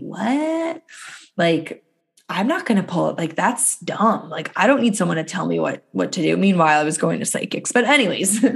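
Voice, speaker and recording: A young woman co-hosting a podcast, talking casually and chattily with lots of "like" and animated asides. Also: on the low side, gravelly. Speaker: podcast co-host, dietitian.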